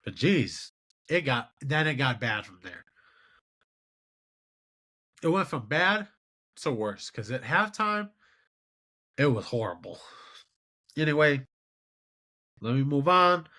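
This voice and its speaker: A man in his twenties hosting a solo sports show, giving animated, exasperated commentary on game results. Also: mid-range voice, slow, pauses often. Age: 20s. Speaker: podcast host.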